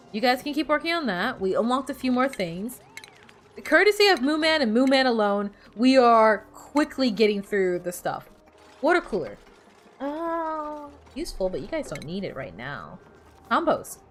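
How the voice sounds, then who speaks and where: A woman's voice: fairly high pitch, very animated, moderate pace, fairly bright tone, a little hiss or hum. A woman streamer chatting casually while playing, rambling and bossing her game characters around. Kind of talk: casual gameplay chat.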